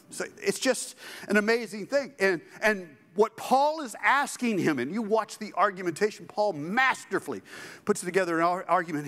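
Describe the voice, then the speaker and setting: A man from the States, preaching an animated, emphatic sermon with joking asides. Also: high-pitched, moderate pace, in a large hall. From Southern United States. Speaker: pastor. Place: church sanctuary.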